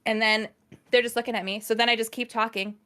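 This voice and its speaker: Excitable woman gaming podcast co-host. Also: fairly high pitch, fast, clear, resonant tone. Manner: excitable, breathless storytelling with quoted self-talk. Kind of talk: casual chat.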